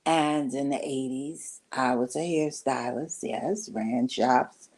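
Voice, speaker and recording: An older woman telling a personal story in an unhurried, rambling way, full of asides to the listener. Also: a bass voice, darkish tone. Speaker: vlogger.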